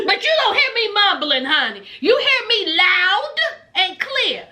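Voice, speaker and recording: High, lively woman with sass. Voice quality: thick accent. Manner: sassy, blunt, talks to viewers directly. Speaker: reality TV recap vlogger. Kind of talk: casual recap vlog.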